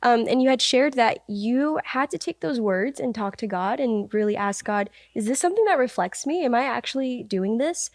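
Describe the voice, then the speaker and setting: A woman's voice: on the high side, normal speed, few pauses, dry recording, clean studio sound. A woman hosting a casual podcast conversation, affirming and full of backchannel responses. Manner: warmly affirming, many backchannels. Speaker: podcast host.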